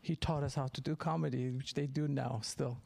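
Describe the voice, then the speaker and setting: A man's voice: medium pitch, fairly even intonation, normal speed, creaky, a little mellow, no room sound. A man from Turkey with a Turkish accent, a stand-up comedian telling stories in a casual interview, rambling, laughing often and restarting his sentences.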